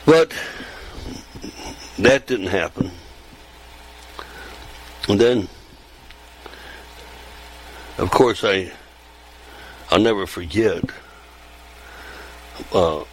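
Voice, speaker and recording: In a rough recording, an animated older man in his seventies talks on at length with a fairly low voice. His monologue wanders as he circles back, repeats himself and starts phrases over, all at a relaxed, chatty pace.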